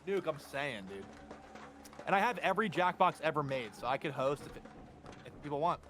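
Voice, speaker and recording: Animated, jokey man chatting while gaming. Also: on the high side, brisk. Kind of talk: casual chat while gaming.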